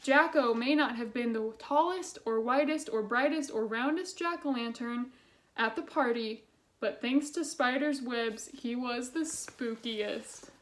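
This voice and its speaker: A woman's voice: a little high, measured pace. A young woman casually reading children's books aloud and adding chatty, sarcastic commentary. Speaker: book vlogger.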